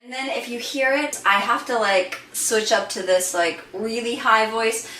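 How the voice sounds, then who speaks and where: A woman singer talks through her range in a loose, thinking-aloud way. Her voice is bright and forward. It sounds echoey, with the mic set back and a faint hiss underneath. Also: a little high, measured pace, recorded from a distance. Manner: relaxed, thinking aloud with many "like" and "sort of". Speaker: singer and voice teacher. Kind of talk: casual vocal demonstration.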